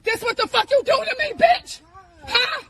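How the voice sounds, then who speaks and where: A woman in a heated argument, shouting furiously. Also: extremely high pitch, moderate pace.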